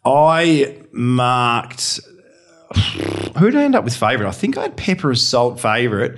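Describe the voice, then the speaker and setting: A man's voice: medium pitch, big pitch swings, measured pace. A man, co-hosting a racing podcast in casual chat, trailing off and restarting mid-thought.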